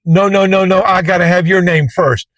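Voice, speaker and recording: A man's voice: high voice, fairly even intonation, moderate pace, a bit bright, no room sound, voice pushed up. A man retelling a story, quoting an insistent, combative woman passenger in his own voice. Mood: indignant. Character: indignant woman passenger demanding his name.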